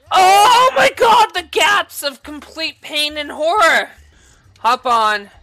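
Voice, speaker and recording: A woman yelling and swearing at a video game as she plays, bursting into furious shouts. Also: on the high side. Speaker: gaming video creator. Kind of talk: angry gameplay commentary.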